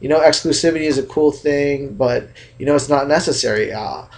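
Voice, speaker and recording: A young man from California talking casually into the camera in a vlog rant, chatty and animated, acting out how other people react. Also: fairly high pitch, a little fast. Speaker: sneaker vlogger.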